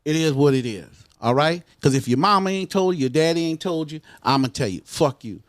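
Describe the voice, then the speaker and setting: A man's voice: on the high side, expressive, brisk, dry recording, clean studio sound. An older man, a guest in a casual interview, talking bluntly and swearing often. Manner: blunt, swears a lot, street talk.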